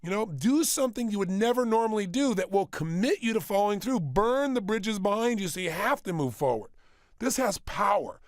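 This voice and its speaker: A man leads a motivational workshop for a small studio audience, emphatic and prone to repeating phrases and firing rapid rhetorical questions. His voice is high-pitched with lively intonation, and there's no room sound.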